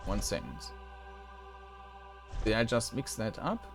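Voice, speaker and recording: A man's voice: on the low side, very animated, takes it slowly, gravelly. A man giving casual let's-play commentary, musing and thinking aloud as he plays. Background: faint game music.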